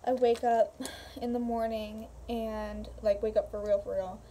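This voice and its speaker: A woman's voice: on the high side, level tone, unhurried, mellow, slight background noise. A young woman casually telling a story to camera at home, rambling with fillers and swearing. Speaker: vlogger. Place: home room.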